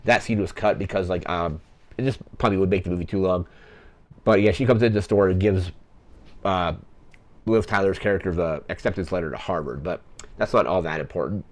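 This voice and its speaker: A man's voice: low voice, brisk. A young man hosting a podcast, casually recapping a film plot in a rambling way, full of "like" fillers. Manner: rambling, heavy use of "like" fillers. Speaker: podcast host.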